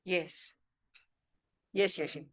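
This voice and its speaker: A woman's voice: fairly low pitch, steady tone, drawn-out words. A woman giving a live Buddhist teaching at a retreat. She speaks emphatically and often stops to ask whether the listeners understand. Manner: emphatic and forthright, often checking "do you understand?". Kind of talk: live dharma teaching with questions and answers. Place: meditation center teaching room.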